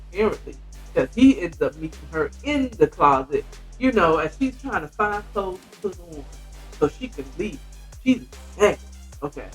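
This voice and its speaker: Chatty woman recapping a book, lively pitch. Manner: chatty, rambling, with frequent asides. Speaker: podcast host reviewing a book. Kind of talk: casual storytelling recap.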